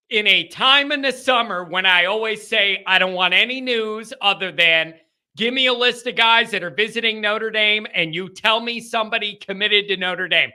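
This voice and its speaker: A man hosting a call-in sports radio show, talking in an energetic and animated way. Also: high-pitched. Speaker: sports talk show host.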